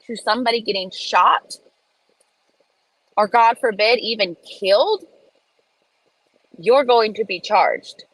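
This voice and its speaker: A woman's voice: fairly high pitch, a bit bright, dry recording, rough recording. A woman host on a phone livestream, sitting in her car, ranting bluntly and profanely. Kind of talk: casual livestream rant. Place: in a parked car in a school pickup line.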